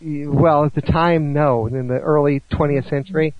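A man's voice: fairly high pitch, steady tone, moderate pace. An American man in a casual chat, curious and chatty, stumbling over repeated words. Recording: dull line with faint hiss.

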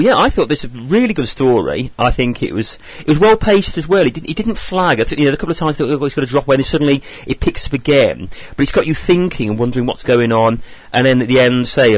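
Fast-talking man giving a rambling review. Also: mid-range voice, no room sound. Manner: rambling, self-correcting. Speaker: listener sending recorded feedback. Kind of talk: casual spoken review.

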